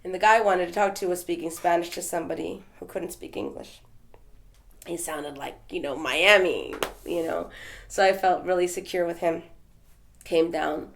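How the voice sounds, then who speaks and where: Woman, from Texas, interview guest, rambling casual storytelling, gravelly. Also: on the low side. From Texas, USA. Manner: rambling, with restarts and fillers.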